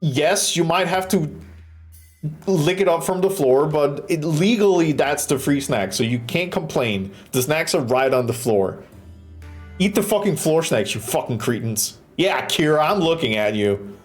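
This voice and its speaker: Goofy, sweary streamer with lively pitch. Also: unhurried, faint music behind. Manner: chatty, swears freely, makes goofy sound effects. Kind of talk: live stream banter while building a stage.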